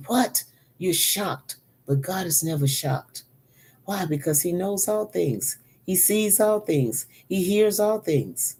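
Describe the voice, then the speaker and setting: A woman's voice: rumbling low, mellow, husky. A woman preaching a sermon, earnest and repeating key phrases for emphasis. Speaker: pastor.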